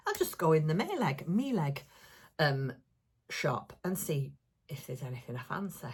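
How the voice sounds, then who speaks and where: A woman chatting casually in a crafting vlog, gushing and excitable as she rambles over gifts she has received. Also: deep voice, husky. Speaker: crafting vlogger. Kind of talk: casual chatty show-and-tell.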